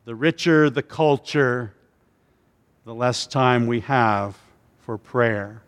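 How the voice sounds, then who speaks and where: Male pastor preaching, slow and halting, echo of a big church hall. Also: medium pitch. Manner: halting, with repeated words and restarts. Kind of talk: sermon.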